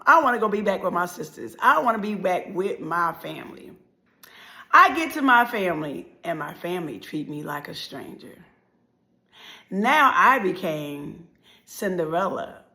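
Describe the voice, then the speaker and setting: A woman giving an emotional motivational talk, telling a dramatic life story that swings from loud, emphatic lines to hushed ones. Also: lowish voice, gravelly. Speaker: motivational speaker.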